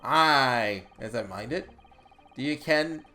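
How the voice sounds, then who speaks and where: A player putting on a gruff Scottish prison governor. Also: expressive, sharp tone, faint music behind. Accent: attempted Scottish. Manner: slow, low, halting put-on brogue. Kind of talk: reading game dialogue aloud.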